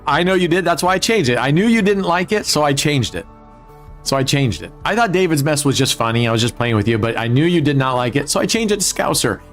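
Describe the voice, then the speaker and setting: Joking, profane man, live casino-stream host, low music under him. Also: animated, quick pace. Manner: joking, profane, talks to chat viewers. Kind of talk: casual live-stream chat. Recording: faint music behind.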